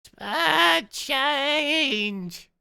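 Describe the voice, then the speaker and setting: Shrill creaky old beggar. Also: male voice, lively intonation, very slow, pushed and bright, exaggerated voice. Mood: pleading. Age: 60s. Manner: wailing, pleading for change. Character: desperate old male street beggar, shrill.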